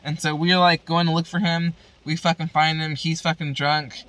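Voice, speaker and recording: A woman's voice: deep voice, level tone, moderate pace, a bit bright. A woman vlogger telling a story in casual chat, rambling and profane, full of fillers.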